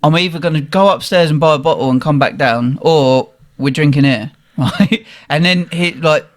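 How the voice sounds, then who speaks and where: Animated young man. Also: fairly high pitch, normal speed. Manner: animated, swearing, laughing at his own story. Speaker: guest telling a story. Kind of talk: casual storytelling.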